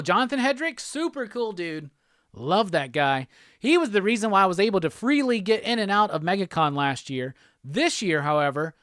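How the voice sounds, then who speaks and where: The host of a live pop culture show keeps things laid-back and chatty, reading viewer comments aloud between quick, easy laughs. His voice is fairly high for a man, and the recording is close and dry with no room around it.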